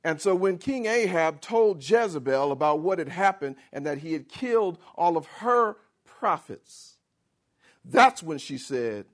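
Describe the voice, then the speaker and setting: Brief: male preacher, theatrical, high and lively, slow and deliberate delivery. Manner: animated and theatrical, acts out the characters. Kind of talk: sermon.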